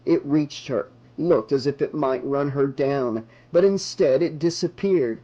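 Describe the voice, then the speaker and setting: A man's voice: mid-range voice, warm tone, muffled recording. Man narrating a horror audiobook. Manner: measured dramatic narration. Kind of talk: unabridged horror novel reading.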